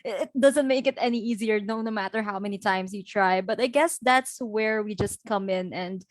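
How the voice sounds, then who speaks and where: A woman's voice: mid-range voice, moderate pace, no echo. A young woman from the Philippines, a guest speaker chatting casually in an interview, full of fillers and light laughs. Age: young adult. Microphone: video call.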